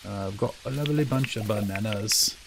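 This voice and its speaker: A man's voice: on the low side, a little fast, background noise. A man chatting casually while live-streaming a video game, rambling through asides and poking fun at himself. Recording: game music playing clearly behind.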